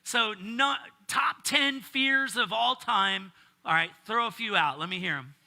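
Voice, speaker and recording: A man's voice: high-pitched, unhurried, creaky, pushed and bright. A middle-aged male pastor preaching a casual sermon, joking and bantering with his congregation.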